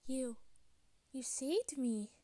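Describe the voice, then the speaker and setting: A tender-hearted young mermaid , voiced by a woman speaks in a fan-made story with a slightly raised, slow drawl. She leans on y'all and sounds soft and sincere. The recording is dry and close. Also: high voice, dry recording. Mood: grateful, loving.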